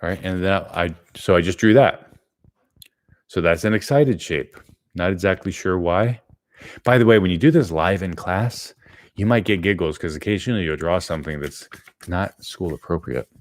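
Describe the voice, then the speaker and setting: A man's voice: deep voice, moderate pace. A middle-aged man teaching an art lesson live, thinking aloud as he draws, rambling with many fillers.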